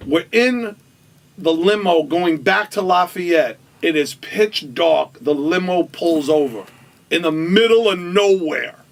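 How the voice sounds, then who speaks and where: A man's voice: a little high, slow pace, gravelly, recorded from a distance. A man animatedly telling a wild anecdote as a guest, acting out the quoted voices and laughing as he goes. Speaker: storytelling guest.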